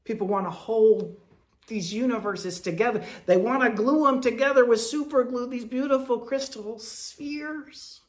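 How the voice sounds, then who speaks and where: A man delivering a Quaker sermon in a storytelling manner, moving between loud bursts and soft, low asides. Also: unhurried. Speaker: speaker at a Quaker meeting.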